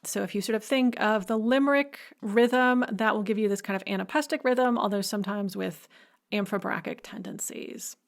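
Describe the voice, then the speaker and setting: A woman instructor speaks in a recorded lecture with a voice of middle pitch. She explains step by step and sometimes hums rhythm patterns aloud to make a point. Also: normal speed, gravelly.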